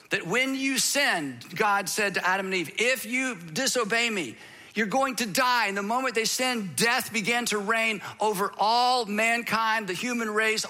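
A man preaching a sermon, animated, acting out the voices of his listeners and of the apostle as he retells the text. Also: high voice. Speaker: pastor.

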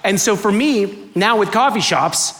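A man in his thirties or forties from the United States, telling funny stories in a chatty, animated talk to a live, clapping audience. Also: high-pitched, a little slow. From United States (Miami). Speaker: speaker giving a talk.

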